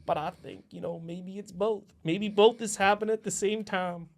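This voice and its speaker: A comedian playing a slow-witted, gentle Southern man mourning his wife, in a drifting Southern drawl for a mock audition. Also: sits high, steady tone, gravelly. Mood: tender, wistful. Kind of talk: mock audition monologue reading.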